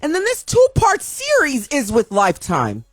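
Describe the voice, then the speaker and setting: Impassioned high-voiced woman venting. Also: wildly swooping pitch, moderate pace, dry recording, clean studio sound, soft background music. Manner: impassioned, repetitive ranting with many restarts. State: upset and emotional. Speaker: video commentator. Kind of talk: emotional opinion vlog.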